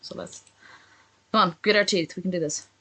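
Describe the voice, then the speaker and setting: A woman's voice: lowish voice, fairly even intonation, a little fast, a bit bright, breathy edge, poor audio. A woman streamer reacting live to a video, sarcastic and swearing constantly in casual commentary.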